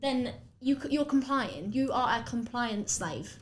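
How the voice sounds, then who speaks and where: A woman's voice: a little high, animated, unhurried, reverberant, slight background noise, rough recording. A woman with an Essex accent hosting a podcast, chatting casually and rambling with lots of fillers while she does her makeup. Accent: Essex English. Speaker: podcast host.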